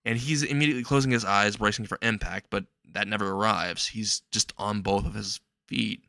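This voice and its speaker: Halting, low-voiced man telling a story. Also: steady tone, bright, forceful tone, dry recording. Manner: halting, repetitive, with restarts. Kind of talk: improvised fan-fiction narration.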